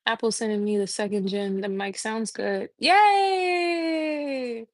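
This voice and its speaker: This is a young adult woman with a mid-range voice, talking at a normal pace in a flat delivery. She's hosting an easygoing morning live stream in her home kitchen, eating, laughing and sharing stories. It's captured on a phone mic with no room sound.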